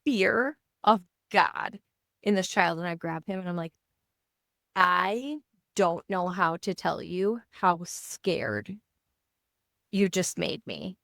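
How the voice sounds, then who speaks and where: A woman's voice: lowish voice, slow pace, vocal fry, long pauses, no room sound, clean studio sound. A woman in her thirties, a podcast co-host, telling a personal story in a casual chat and acting out the dialogue as she goes. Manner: animated, acts out dialogue in her retelling.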